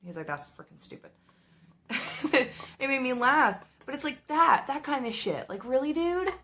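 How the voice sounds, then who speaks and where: In a high voice and at a slightly slow pace, a young woman casually tells a story about working at a restaurant while doing her makeup. She's animated and swears, exaggerating the voices of those she quotes.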